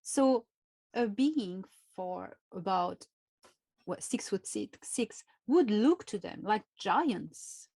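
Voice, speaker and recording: A woman with a French accent, a native French speaker answering interview questions in English, speaking slowly and carefully with frequent hesitations. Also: mid-range voice, animated, dark tone, breathy edge, dry recording. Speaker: guest.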